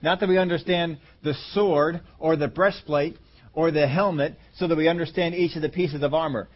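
A man preaching a conversational Bible-teaching sermon, slowing down and stretching key words for emphasis. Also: on the high side, fairly even intonation, muffled recording. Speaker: pastor.

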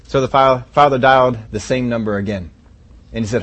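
Pastor guy preaching, chatty storytelling, middle pitch voice. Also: fairly even intonation, brisk. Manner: storytelling, conversational. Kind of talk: sermon.

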